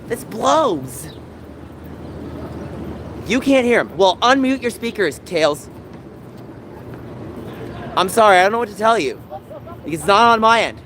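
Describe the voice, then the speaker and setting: Streamer, male, high voice, anxious pleading rants, phone audio with loud traffic behind. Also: animated, slow pace, long pauses, rough recording. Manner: distressed, pleading rants to chat. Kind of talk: live-stream vlog talking to chat. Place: outdoors on city streets.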